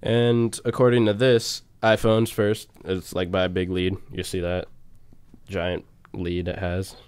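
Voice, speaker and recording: A man's voice: low voice, flat delivery, unhurried, a little mellow, clean tone, dry recording. A young man co-hosting a casual college radio show, rambling through stats and song intros with frequent fillers and laughs.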